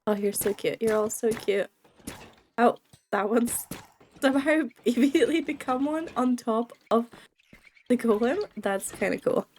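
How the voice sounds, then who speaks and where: Unhurried and fairly high-pitched, with a darkish tone and a faint hiss or hum, a young woman speaks through a cold. This gaming video creator giggles and chats through laid-back let's-play commentary, directing remarks at the game's creatures.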